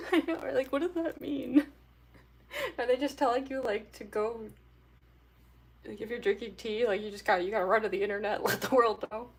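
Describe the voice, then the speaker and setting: A woman's voice: fairly high pitch, normal speed, slightly rough. A young woman chatting casually with her viewers during a drawing livestream. She giggles often and talks in a loose, rambling way with lots of fillers. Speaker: artist livestreamer.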